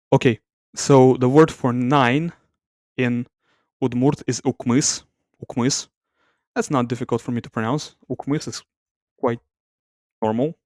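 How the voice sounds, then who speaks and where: Soft-spoken man thinking aloud. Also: mid-range voice, dry recording, clean studio sound. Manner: thinking aloud, self-correcting, hesitant. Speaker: language video host. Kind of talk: ASMR language comparison.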